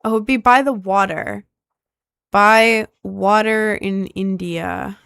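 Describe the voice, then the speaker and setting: A woman's voice: mid-range voice, fairly even intonation, slow pace, creaky, a bit bright, clean tone, no echo, clean studio sound. A young woman streaming a map-guessing game, thinking aloud and asking her chat for help in casual gameplay commentary.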